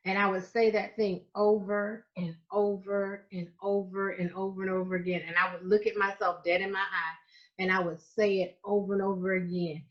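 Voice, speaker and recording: A middle-aged woman from Florida with a Southern US accent, giving an earnest, repetitive masterclass talk as a life coach, slowing down to stress key phrases. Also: mid-range voice, fairly even intonation. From Florida, United States. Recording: slightly muffled, dull audio.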